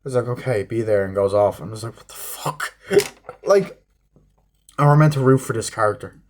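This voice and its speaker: A man giving a rambling, profane spoken movie review, acting out scenes in quick snippets. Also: fairly low pitch, noisy background.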